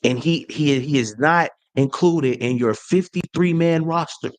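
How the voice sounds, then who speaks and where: A man's voice: a little high, unhurried. Man ranting as a sports fan. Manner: animated trash talk with slang and restarts. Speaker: sports channel host. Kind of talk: fan rant to camera.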